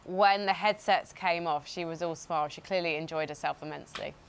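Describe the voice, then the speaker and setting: A woman with a British accent presenting esports coverage in a chatty, expressive way. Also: on the low side, brisk, a little hiss or hum.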